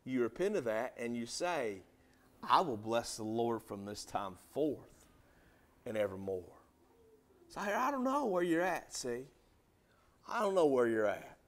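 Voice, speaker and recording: A man preaching a sermon in church, swinging between loud emphatic rises and soft drops, and asking the congregation direct questions. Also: medium pitch, very animated, unhurried, long pauses. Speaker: pastor.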